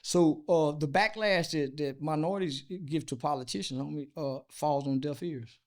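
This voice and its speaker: Blunt, crude man with a higher voice. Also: moderate pace. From United States. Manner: blunt, crude and unfiltered, with many fillers and restarts. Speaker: interview guest. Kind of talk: casual interview talk.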